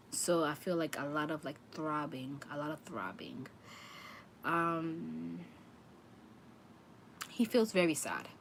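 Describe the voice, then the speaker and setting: A woman's voice: sits low, fairly bright tone, a little hiss or hum. A woman giving a livestream tarot reading, talking earnestly and repeating phrases for emphasis. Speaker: tarot reader.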